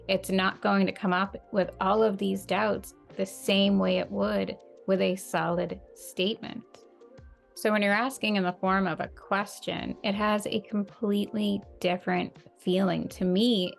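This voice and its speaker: A woman coaching listeners on manifestation in an earnest, measured way, repeating key phrases for emphasis. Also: medium pitch, creaky. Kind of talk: slow, calm motivational talk.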